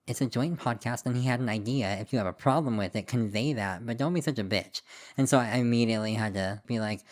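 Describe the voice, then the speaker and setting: A man's voice: medium pitch, darkish tone. Rambling, laughing male podcast host. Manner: rambling, self-deprecating, laughs often. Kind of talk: casual podcast chat.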